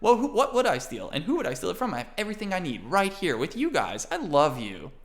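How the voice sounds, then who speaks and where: A man's voice: high-pitched, huge pitch swings, quick pace, voice pushed up. A man voicing a cheerful, naive, boyish male creature who rambles in a sing-song way. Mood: innocent.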